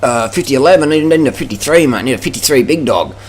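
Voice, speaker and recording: A man putting on a whiny, know-it-all male amateur cyclist, in a mocking, drawn-out whine. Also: mid-range voice, lively intonation, a little hiss or hum, natural voice.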